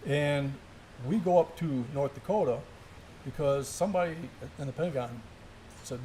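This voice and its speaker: A man's voice: fairly high pitch, normal speed, mellow, slight background noise. A middle-aged man, a former Special Forces soldier, telling a war story in casual chat and laughing through his words. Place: gun shop.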